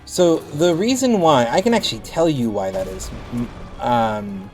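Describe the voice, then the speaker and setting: A man who speaks with a noticeable lisp chats casually with his stream audience, his voice sitting at an ordinary middle pitch. He rambles and restarts his sentences as he thinks out loud. Quiet game music plays faintly behind him. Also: expressive, unhurried. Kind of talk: casual chat with stream viewers while gaming.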